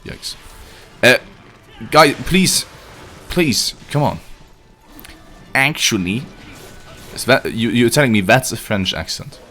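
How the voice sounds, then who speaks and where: A man's voice: medium pitch, animated, a little slow, long pauses, bright, forceful tone, faint music behind. A man streaming a video game live, joking and swearing as he chats to his viewers in casual commentary. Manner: joking and profane, chatting to viewers. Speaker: livestreamer playing a video game.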